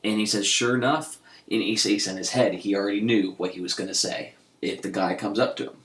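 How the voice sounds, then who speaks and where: A man's voice: lowish voice, fairly even intonation, a little fast, fairly bright tone. A man co-hosting a casual podcast chat, rambling with lots of "you know" and "he's like". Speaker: podcast co-host. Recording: echoey room.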